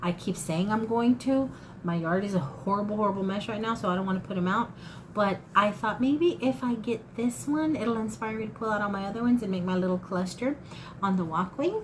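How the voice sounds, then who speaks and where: A woman's voice: medium pitch, a little fast. Fifty-something woman, casual talkative haul vlogger, folksy, faint noise behind. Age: 50s. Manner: chatty, folksy, addresses viewers as y'all. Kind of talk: casual haul chat to camera.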